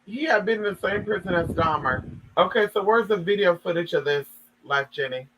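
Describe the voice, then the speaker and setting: A man's voice: sits high, lively intonation, brisk, noisy background. A man giving sassy, dramatic gossip commentary, reading a story aloud and reacting to it.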